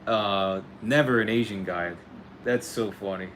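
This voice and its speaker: A man's voice: lowish voice, measured pace, a bit bright, slight background noise. Laid-back man hosting a livestream. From United States. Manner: laid-back, laughs often, says "bro" and "dude". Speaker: livestream host answering chat. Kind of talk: casual livestream chat.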